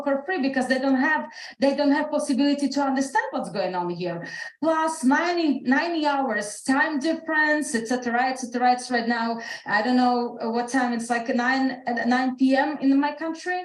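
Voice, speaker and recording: Woman with a Slovak accent, echoey call. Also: high-pitched. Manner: earnest storytelling, non-native English with frequent restarts. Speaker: speaker. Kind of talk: motivational talk on a video call. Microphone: video call.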